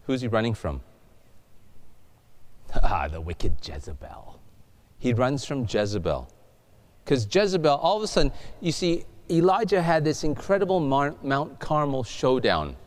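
A man preaching a sermon, telling stories and putting questions to the congregation. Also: mid-range voice. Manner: animated storytelling, questions to the congregation. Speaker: pastor.

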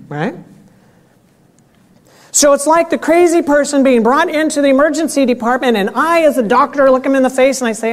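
A man preaching a lively sermon. He acts out scenes, jumping up into a raised, excited voice and then dropping back down. He clears his throat often as he talks. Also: very high-pitched, normal speed, long pauses. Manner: animated, acts out dialogue with raised voice.

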